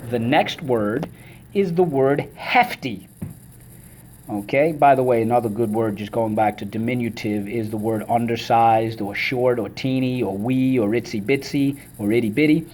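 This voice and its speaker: Man, teacher, vocabulary lesson, energetic, call-and-response, chants syllables, mid-range pitch. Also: normal speed.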